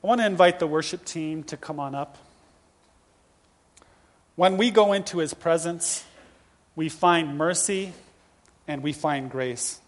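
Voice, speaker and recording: A male pastor in his fifties preaching a sermon with lively, humorous storytelling. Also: on the high side, a little slow, pauses often. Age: 50s.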